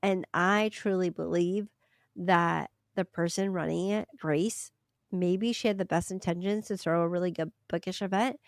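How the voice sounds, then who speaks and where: Animated woman podcast co-host, dry sound. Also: normal speed, vocal fry, no room sound. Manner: animated, acts out quoted people with sudden high-pitched voices; hedges with repeated "allegedly". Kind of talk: casual chat.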